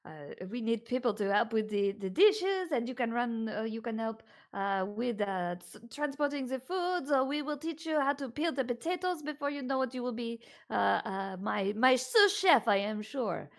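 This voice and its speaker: A woman's voice: fairly high pitch, animated, normal speed, few pauses, lightly acted. A woman voicing a friendly little male French cook who welcomes a new kitchen hand. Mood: welcoming.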